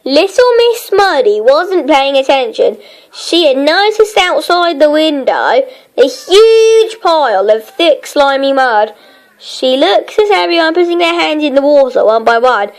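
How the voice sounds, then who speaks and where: Slow, high-voiced woman reading a storybook. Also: very animated, low-quality recording. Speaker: narrator. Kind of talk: storybook narration.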